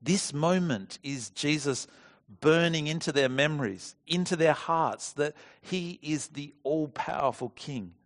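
Male preacher, mid-pitched, earnest expository sermon delivery. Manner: earnest, expository, with small restarts and rhetorical questions.

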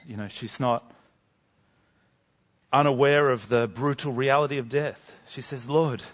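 Guy preaching a sermon, earnest and emphatic, goes quiet for drama, kinda dull lo-fi audio. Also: medium pitch, a little slow.

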